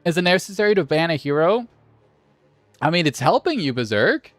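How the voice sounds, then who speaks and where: A man's voice: on the high side, very animated, brisk, no echo, soft background music. A man hosting a game tournament on a livestream, chatting casually and joking with viewers, swearing now and then.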